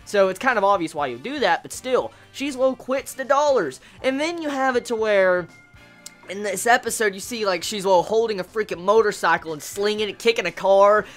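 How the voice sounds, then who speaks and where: Excitable, swearing woman reviewing anime. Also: normal speed, soft background music. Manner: excitable, swears, with big jumps in pitch. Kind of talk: casual video review.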